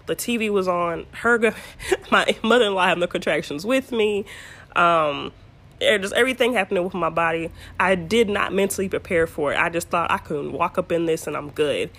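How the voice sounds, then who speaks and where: A woman's voice: fairly low pitch, brisk, a bit bright. A young woman casually telling her birth story to her viewers, chatty and candid with playful asides.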